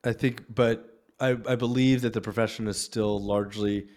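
Man, low voice, venture capital panelist, casual, lots of fillers and lively asides. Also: normal speed. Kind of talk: panel discussion.

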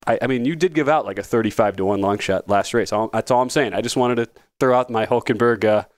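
A man's voice: medium pitch, fast, dry recording. A man hosting a sports betting podcast, talking casually with wry asides and frequent restarts. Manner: rambling, self-correcting, wry asides. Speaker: podcast host.

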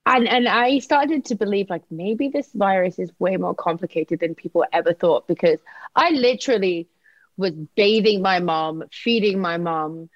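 A woman's voice: mid-range voice, normal speed, no echo, dull audio. Candid, swearing woman in casual chat. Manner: candid, swears freely, laughs often.

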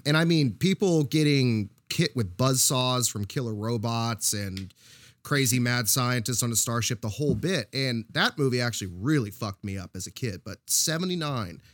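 Male panelist, lively pitch, dry close mic, casual and profane. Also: normal speed, dry recording. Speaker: podcast panelist. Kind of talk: casual chat.

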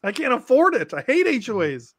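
A man's voice: extremely high pitch, huge pitch swings, a little fast, crowd noise. A man chiming in with wry, sarcastic remarks in a casual podcast chat.

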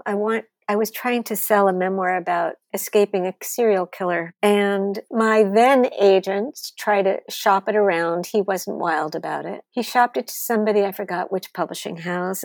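A woman author and interview guest, talking in an animated, blunt way and swearing freely as she tells stories. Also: mid-range voice, no room sound, studio quality. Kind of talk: storytelling interview talk.

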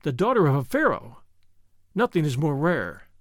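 A man puts on a queer little old merchant from a storybook, strident and high, giggling and muttering half to himself. The voice leaps up and down as he haggles, recorded close and dry. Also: very animated, normal speed, no room sound. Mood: haggling. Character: odd little old male curio merchant, giggling, sly. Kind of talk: audiobook character voice.

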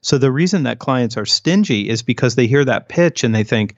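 A man's voice: mid-range voice, fairly quick, few pauses, no echo, dull audio. A man, an author and sales expert, guesting on a podcast interview with wry, sarcastic humor.

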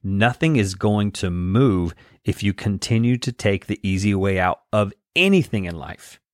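A man's voice: lowish voice, lively intonation, measured pace, no room sound, clean studio sound. A man hosting a podcast, giving an earnest, direct self-help talk and coaching listeners through their feelings. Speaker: podcast host.

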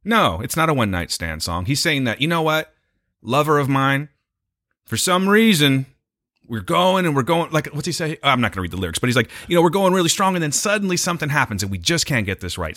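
A male podcast host with a bright, forceful voice that swings widely in pitch. He talks in loose, casual chat, laughing easily and swearing along the way. He sounds short of breath, and the recording is dry and close. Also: very animated, a little fast, no echo.

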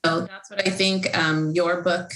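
A woman's voice: lowish voice, level tone, a little slow, fairly bright tone, roomy sound, rough recording. A woman, an author, talking casually and heartfelt about faith, rambling with many fillers and restarts. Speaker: Christian author and podcast host.

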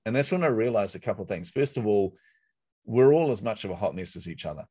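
A middle-aged man, a guest in a conversation, telling a story in an animated, self-mocking way and acting out his own inner voice. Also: lowish voice, fast, breathy edge, no echo.

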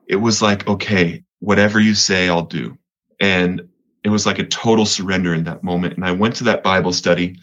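Man from Colorado, earnest testimony, low husky voice, lo-fi sound. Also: fairly bright tone. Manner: earnest, repeats words, voice rises when reliving moments. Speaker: guest telling his recovery story. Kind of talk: personal testimony in an interview.

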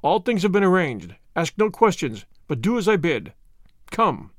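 Zorro, a man doing a commanding masked highwayman. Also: sing-song, normal speed, no room sound, studio quality. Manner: commanding, stern.

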